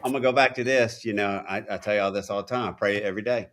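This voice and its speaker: A man's voice: lowish voice, fairly even intonation, very fast, fairly bright tone. A man co-hosting a faith podcast, speaking earnestly and insistently, repeating himself for emphasis. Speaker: podcast co-host. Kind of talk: casual faith chat.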